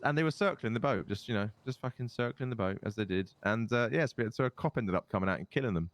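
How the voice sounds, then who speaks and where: A man's voice: mid-range voice, animated, fast, no echo. A tired man rambling and swearing in casual in-character chat while roleplaying in an online crime game.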